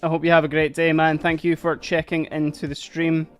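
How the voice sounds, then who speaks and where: A man's voice: a little high, completely flat delivery, brisk, clear, resonant tone, faint music behind. A Scottish man hosting a casual livestream, chatty and upbeat, thanking viewers as he reads the chat. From Scotland. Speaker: livestream host.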